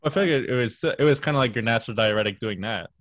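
A man's voice: medium pitch, very fast, highs cut off. A man on a podcast chatting casually, mostly adding short, agreeable remarks. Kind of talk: casual chat.

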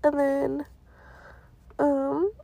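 A woman in her twenties talking through her week in a casual vlog, full of slang, fillers and cursing. Her voice sits a little high for a woman. The sound is close and dry, with no room in it. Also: level tone, extremely slow, creaky, warm tone, no room sound. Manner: slangy, swears freely, lots of "like". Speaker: vlogger. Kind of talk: casual confessional storytime.

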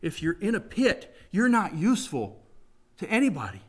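A man's voice: high voice, wildly swooping pitch, moderate pace, breathy edge. A middle-aged man preaching a conversational sermon, folksy and emphatic, often putting questions to the congregation.

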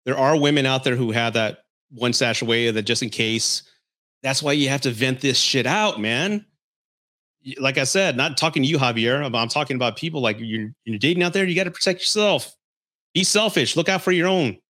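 A male podcast host in a casual, heated rant about dating. He talks bluntly and swears freely, scolding his listeners and breaking into laughter. His voice sits at an ordinary pitch for a man. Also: lively intonation, a little fast, bright, forceful tone. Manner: blunt and profane, laughs often.

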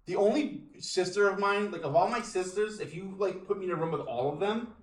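A man's voice: sits high, a little fast, reverberant. A man hosting a podcast, chatting casually, with joking asides and swearing. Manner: animated, swearing, jokey. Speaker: podcast host.

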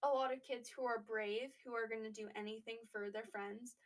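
A young woman with a high voice chats casually as a podcast co-host. She talks loosely, packing in fillers and restarting sentences as she goes. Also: steady tone, fairly quick. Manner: chatty, lots of fillers and restarts. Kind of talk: casual chat.

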